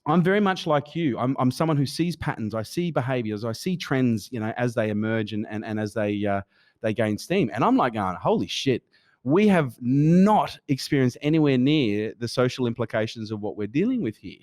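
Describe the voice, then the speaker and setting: Animated swearing man host. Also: medium pitch, moderate pace. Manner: animated storyteller, swears, acts out quoted people. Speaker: podcast host. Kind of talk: casual interview chat.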